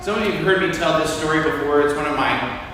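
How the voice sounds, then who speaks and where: A man preaching a sermon as a priest, telling a story in a relaxed, conversational way with frequent fillers. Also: a little high, quick pace, background noise. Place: large church. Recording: echoey church hall, from far off.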